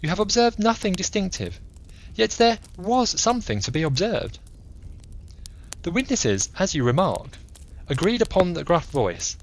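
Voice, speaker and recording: Guy doing a brainy odd detective lecturing slow and careful, kinda high voice, lots of rise and fall, sleepy audiobook read. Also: very animated, a little hiss or hum. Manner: measured, lecturing reasoning. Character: eccentric brilliant male detective, coolly analytical. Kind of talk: bedtime audiobook narration.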